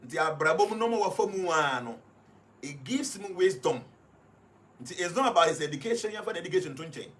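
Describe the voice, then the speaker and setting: A man's voice: sits high, expressive, fairly quick, fairly bright tone. A man with a Ghanaian accent speaking on live radio, explaining his points one at a time and mixing English with Twi. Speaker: radio guest reading numerology.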